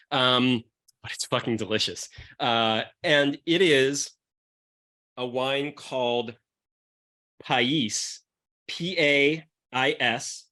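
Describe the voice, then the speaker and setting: A man's voice: mid-range voice, slow pace, pushed and bright. A man hosting a podcast, chatting loosely and profanely about wine. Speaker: podcast host pairing wines with comics. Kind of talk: casual chat.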